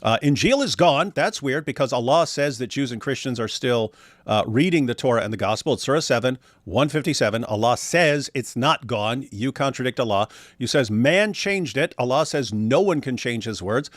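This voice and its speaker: A man's voice: medium pitch, lively intonation, normal speed, no echo, studio quality. A man hosting a livestream who comments on a debate in a sarcastic, emphatic and argumentative way. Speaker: host.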